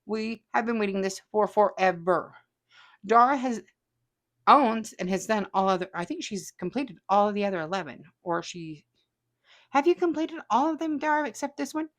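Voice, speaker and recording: A woman's voice: medium pitch, lively intonation, moderate pace. A woman hosting a casual stream, chatting and reading viewer comments aloud with frequent laughs. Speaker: host.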